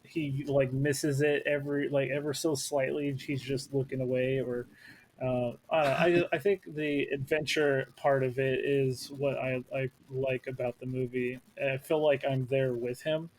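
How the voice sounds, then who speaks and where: A man's voice: mid-range voice, flat delivery, a little slow. Hesitant man with faint hiss. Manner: hesitant, many ums. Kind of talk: casual chat.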